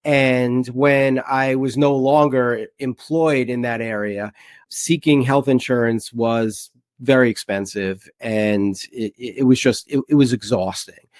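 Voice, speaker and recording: A man's voice: mid-range voice, fairly even intonation, unhurried, dry recording, studio quality. A man speaking as an interview guest about his insurance business, earnest and sometimes stumbling over his words. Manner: earnest, with false starts. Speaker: guest, health insurance provider. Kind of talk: casual interview.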